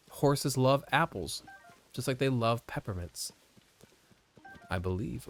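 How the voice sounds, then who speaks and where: A man's voice: deep voice, expressive, normal speed, slight background noise. A man giving casual gameplay commentary at a home desk mic, rambling and profane, mocking himself and jumping between mutters and exclamations. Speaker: let's play streamer.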